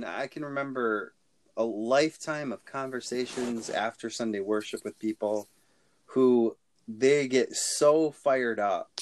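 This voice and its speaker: A man co-hosts a casual podcast discussion, speaking at a very slow, measured pace. He chooses his words carefully and pauses to find them. His pitch is about average for a man. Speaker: podcast co-host.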